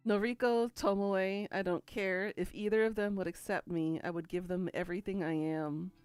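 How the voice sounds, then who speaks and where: A woman's voice: medium pitch, fairly even intonation, measured pace, a little mellow, clean tone, no echo, soft background music. A woman narrating a first-person story in a dry, musing, inward way.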